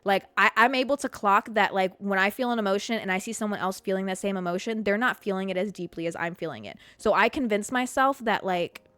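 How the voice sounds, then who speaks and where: A young adult woman hosting a podcast alone, talking candidly about herself, swearing freely and laughing often, her voice jumping high when she reacts. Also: fast talker, few pauses, no echo. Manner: animated, jumps to high pitch when reacting. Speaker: podcast host. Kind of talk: casual solo podcast chat.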